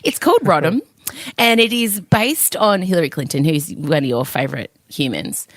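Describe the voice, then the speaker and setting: A woman's voice: fairly low pitch, animated, moderate pace, no room sound. A woman hosting a podcast, chatting casually in a giggly, teasing way. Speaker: podcast host. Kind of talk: casual chat.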